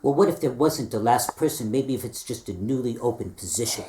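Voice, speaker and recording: A man's voice: mid-range voice, expressive, brisk, reverberant, heavy background noise, pitched below the performer's own voice, close to an everyday voice. A man playing a timid young seminar attendee. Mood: unsure. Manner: hesitant, soft, unsure.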